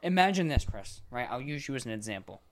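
A man's voice: medium pitch, very animated, fast talker. Man, young adult, podcast co-host, casual chat, exasperated, swears a lot, acts out callers.

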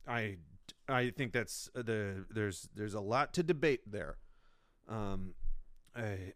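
A man's voice: mid-range voice, clean tone, no room sound, clean studio sound. A man, a comedian, rambling through a solo podcast monologue in a self-mocking way, with lots of restarts.

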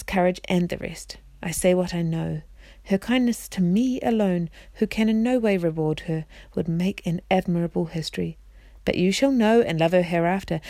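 A woman's voice: mid-range voice, mellow, no echo, close to an everyday voice. Haughty young knight, as a woman reads him, storybook, formal old-fashioned speech, dry close sound. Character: proud courtly young man knight. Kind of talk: reading a storybook aloud.

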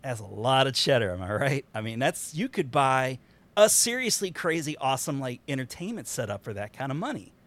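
A man hosting a podcast, talking in an animated, rambling casual way and laughing often. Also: mid-range voice, a little fast. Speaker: podcast host. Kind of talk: excited casual chat.

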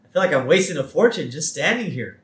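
A man doing a lazy, loud cartoon dad. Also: on the high side, sing-song, fast talker, reverberant. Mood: grumbling.

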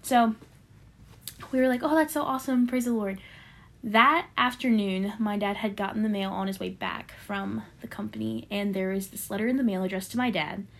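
A young woman casually telling a personal faith testimony on a podcast, animated and full of fillers, acting out what others said. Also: mid-range voice, normal speed. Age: young adult. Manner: animated storyteller with many fillers, acting out quoted voices. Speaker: podcast co-host sharing a testimony.

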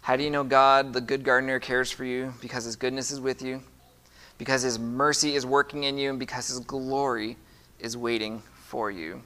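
A man's voice: mid-range voice, flat delivery, normal speed, pushed and bright. A man preaching a sermon as pastor, reading scripture aloud with emphasis and putting questions to the congregation.

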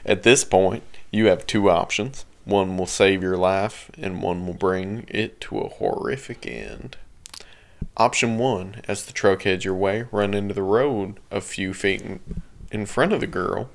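A man's voice: sits low, measured pace, vocal fry. A man reading a creepy story aloud to friends in a casual chat, often breaking into laughter as he reads. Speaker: story reader among friends.

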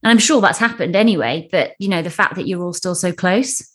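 A woman's voice: on the low side, a little fast. A woman co-hosting a casual interview over a video call, asking encouraging questions. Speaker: interview host.

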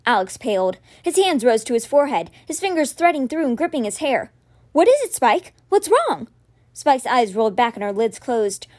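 A woman reading a children's fantasy novel aloud for a podcast, with expressive, dramatic storytelling. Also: fairly high pitch. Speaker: podcast reader.

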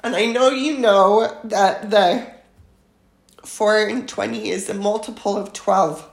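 A woman giving a devotional scripture talk, reading verses aloud in a slow, reverent and tender way. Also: medium pitch, steady tone, vocal fry, echoey room. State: moved to tears at times. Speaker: church speaker.

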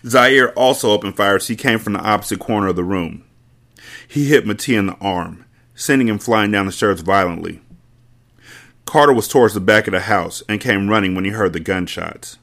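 Brief: lower-voiced male podcast host, casual book reading, blunt profane commentary. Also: moderate pace, a bit bright. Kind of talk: casual read-aloud with commentary.

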